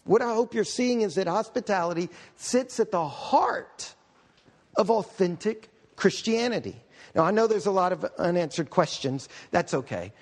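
A middle-aged man, a pastor, preaching a conversational, humorous sermon with quick asides. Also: high-pitched, expressive.

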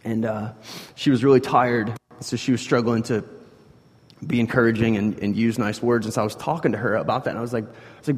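A man preaching a sermon in a conversational way, shifting from quiet asides to loud, emphatic stretches. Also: medium pitch, steady tone, fairly quick, breathy edge. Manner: conversational, swings between soft asides and loud emphatic bursts. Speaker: pastor. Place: church hall. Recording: long hall reverb.

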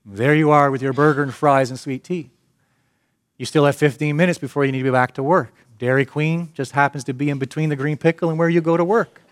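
Emphatic preacher with a dry, close sound. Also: male voice, fairly high pitch, fairly even intonation, fairly quick, no echo. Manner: storytelling, builds to loud emphatic peaks. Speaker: pastor. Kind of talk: sermon.

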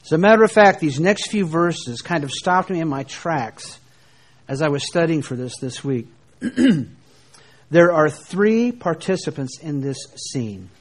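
Slow, deliberate high-voiced male preacher. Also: lively intonation. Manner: slow, deliberate reading of scripture with dramatic pauses. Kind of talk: Bible teaching sermon.

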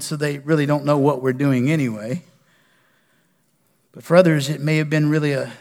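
A man, a pastor preaching a sermon, animated with loud bursts and quiet drops. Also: fairly high pitch. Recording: long reverb of a large hall.

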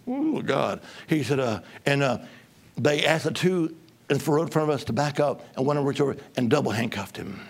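Gravelly-voiced man preaching a lively sermon. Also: fairly high pitch. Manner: lively, call-and-response, swings from loud to hushed. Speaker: traveling preacher. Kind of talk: humorous storytelling sermon.

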